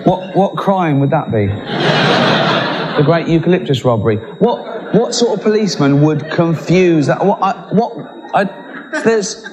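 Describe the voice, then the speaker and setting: Giggly comic in a big hall. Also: male voice, on the high side, lively intonation, a little slow, a crowd in the background. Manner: giggly, rambling. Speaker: stand-up comedian. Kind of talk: stand-up routine. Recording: live in a large hall with an audience.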